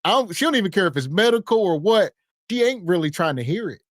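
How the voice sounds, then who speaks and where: A man's voice: sits high, big pitch swings, quick pace, dry recording, clean studio sound. A man hosting a podcast, wryly commenting on clips in casual talk. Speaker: podcast host.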